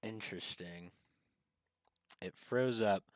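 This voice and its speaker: A man's voice: on the low side, takes it slowly, no echo, poor audio. A man streaming and chatting casually with strangers, rambling with many fillers and restarts. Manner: rambling, hesitant, lots of fillers. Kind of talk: casual livestream chat.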